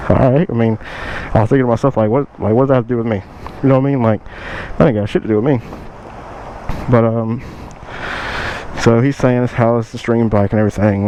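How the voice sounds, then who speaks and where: A young man, casually telling a storytime and quoting others in a raised, lively voice. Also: medium pitch, a little hiss or hum, rough recording. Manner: animated retelling, quotes others in raised voice. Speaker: motovlogger.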